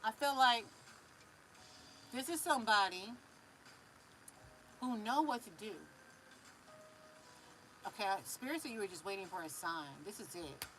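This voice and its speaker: A Californian woman giving a live spiritual reading in a loose, animated way, drawing words out, humming and affirming between messages. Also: medium pitch, measured pace, long pauses, a little hiss or hum, poor audio. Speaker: spiritual reader.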